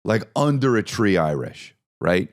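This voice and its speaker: A man's voice: lowish voice, sing-song, measured pace. A man hosting a podcast, riffing through a profane, rambling comedic monologue with repeated bits. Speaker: podcast host.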